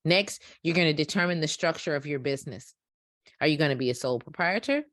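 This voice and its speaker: Low-voiced woman teaching, emphatic. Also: lively intonation, fast talker, fairly bright tone, no room sound, studio quality. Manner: emphatic, repeats key points with check-ins. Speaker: dispatching business instructor. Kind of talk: instructional walkthrough. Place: home office.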